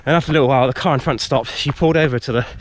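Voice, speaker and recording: The background is noisy as a man with a medium-pitched voice talks very fast on an outdoor vlog in a wood. Somewhat tired from a run, he gives a rambling, lively retelling full of filler words.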